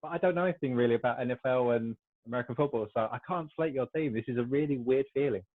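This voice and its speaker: Guest: British man, rapid easy chat, thin phone-like sound. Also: medium pitch. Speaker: podcast guest. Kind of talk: casual chat. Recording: tinny phone-like line.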